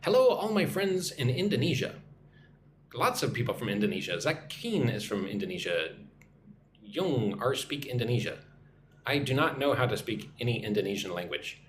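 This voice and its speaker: A man's voice: medium pitch, sing-song, normal speed, echoey room, slight background noise. A man who teaches English online, chatting on a live stream, reading out viewer comments and greeting them in their own languages. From United States.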